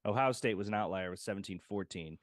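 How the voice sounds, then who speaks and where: Low-voiced man rattling off scores. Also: quick pace, no echo. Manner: rattles off scores, dry wit. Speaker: podcast co-host. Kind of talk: casual sports chat.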